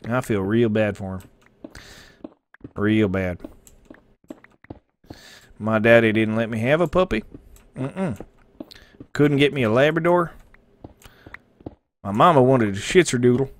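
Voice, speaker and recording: A brash country bumpkin with a broad, drawling voice, put on by a man. He rambles loud and crude, clearly a jokey caricature rather than a natural voice. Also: medium pitch.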